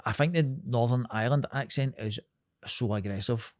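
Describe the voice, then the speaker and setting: A man's voice: medium pitch, moderate pace, darkish tone, dry recording, studio quality. A young man with a Glasgow Scottish accent, co-hosting a podcast in blunt, sweary, rambling casual chat. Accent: Scottish, Glasgow area. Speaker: podcast co-host.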